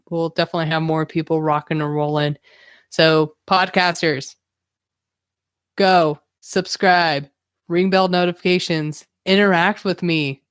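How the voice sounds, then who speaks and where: A woman's voice: on the low side, fairly bright tone, clear, resonant tone, dry recording, clean studio sound. A young woman hosting her own podcast live stream, talking candidly and a bit ramblingly. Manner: candid, rambling, self-reflective. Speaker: podcast host. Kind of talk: casual solo live-stream talk.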